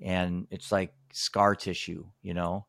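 A podcast host with a deep, slightly bright voice and some vocal fry speaks slowly and flatly. He rambles through casual conversation, often restarting and saying "you know." The studio recording is clean, with no room sound.

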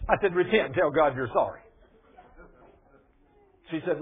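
A man preaching a sermon in a folksy, colloquial way, telling animated personal stories to his listeners. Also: sits high, fast, pauses often. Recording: tinny phone-like radio broadcast.

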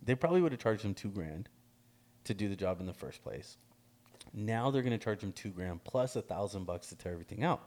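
Middle-aged guy with a low voice, spinning a loose, profane story with plenty of laughs. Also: fairly quick. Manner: animated, laughs often, swears freely, acts out quotes. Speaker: guest telling a story. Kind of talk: casual storytelling chat.

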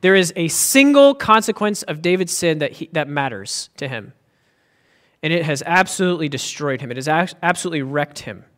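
Male pastor delivering a sermon: high-pitched, earnest, emphatic. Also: lively intonation, brisk, a bit bright. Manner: earnest and emphatic, with frequent restarts.

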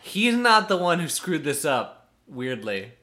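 A man's voice: fairly high pitch, very animated, measured pace, sharp tone. A man co-hosting a podcast, recapping events in an easygoing, casual way and chuckling often. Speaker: podcast co-host. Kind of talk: casual chat recapping a reality show.

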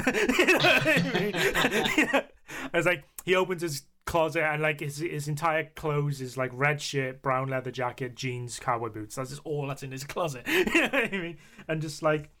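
Bright-voiced excitable man. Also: fairly high pitch, normal speed, few pauses. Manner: excitable, sweary, laughs while retelling film scenes. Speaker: podcast co-host. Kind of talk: casual chat.

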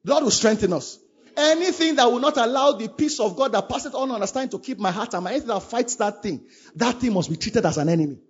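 A man delivers a sermon in a very high, husky voice. He preaches fervently and repeats his key lines again and again. The recording sounds dull and lo-fi. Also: lively intonation, fast talker. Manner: fervent, repetitive exhortation.

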